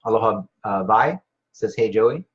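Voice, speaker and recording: A man's voice: lowish voice, animated, moderate pace. A man hosting a live stream, casually rambling with many fillers and restarts while reading viewer comments. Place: Hawaii. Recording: dull lo-fi sound.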